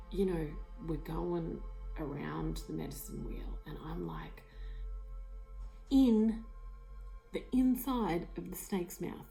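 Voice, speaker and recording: A woman with a dark, mellow voice and a gravelly edge tells her story with excitement. She drops into whispers and swears now and then, full of fillers. Faint music sits behind her on a lo-fi tablet recording. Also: on the low side. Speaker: vlogger. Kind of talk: emotional personal storytelling. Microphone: tablet mic.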